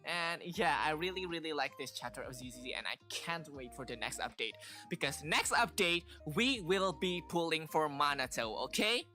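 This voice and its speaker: A man streaming a game, chatting casually and excitedly, repeating himself with lots of fillers. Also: fairly high pitch, moderate pace, soft background music.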